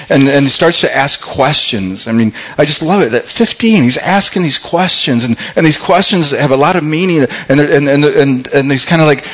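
A man's voice: on the high side, a bit bright, rough recording. A man preaching a sermon, retelling a scripture story and acting out what its characters might say, often repeating words as he thinks aloud. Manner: acts out the characters' thoughts in dialogue.

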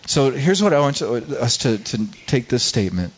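A man's voice: medium pitch, very animated, moderate pace, hardly any pauses, slightly rough. Middle-aged pastor guy preaching, earnest, keeps restarting his sentences, kinda muffled recording. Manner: earnest, personal storytelling with many restarts. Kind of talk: sermon. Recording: slightly dull lo-fi recording.

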